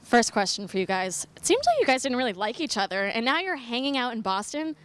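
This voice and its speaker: A woman's voice: a little high, sing-song, fairly quick, a bit bright. A woman interviewing guests in a bar, asking upbeat, playful questions. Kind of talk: casual interview.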